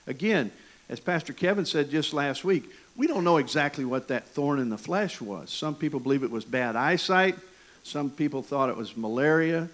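A man with an East Tennessee Southern accent preaching a sermon, folksy and animated, with jokes and asides to the congregation. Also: medium pitch, rough recording. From Michigan. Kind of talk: sermon with personal stories.

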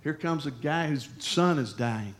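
A man's voice: fairly high pitch, animated, unhurried. Man preaching in a storytelling way. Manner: conversational storytelling, sudden loud emphasis. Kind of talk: sermon with personal story.

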